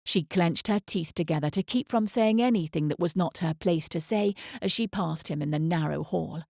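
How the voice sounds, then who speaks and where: A woman narrating an audiobook in a measured, expressive storytelling manner, close to the mic. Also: on the low side, gravelly, no room sound.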